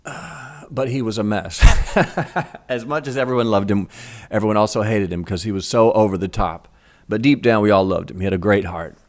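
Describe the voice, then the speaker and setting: A middle-aged man telling a story from his school days in a casual, animated way. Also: on the low side, moderate pace. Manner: animated, acts out voices in quotes. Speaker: vlogger telling a childhood story.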